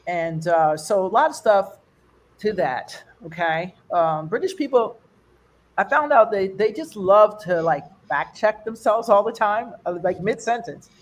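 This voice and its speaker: An older American woman doing a stand-up comedy set for an online fundraiser. She talks in a rambling, conversational way and jumps her pitch up high when she mimics other people's accents. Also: animated, a little slow. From United States.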